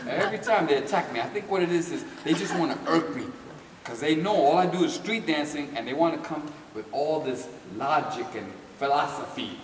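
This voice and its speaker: An older man recounts his story with lively, laughing energy, slipping into the voices of the people he quotes. He sounds distant from the mic, his voice ringing through a large hall. A steady wash of background noise sits beneath the talk. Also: on the high side, moderate pace. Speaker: dance teacher telling a story. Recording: echoey hall from far off with noise.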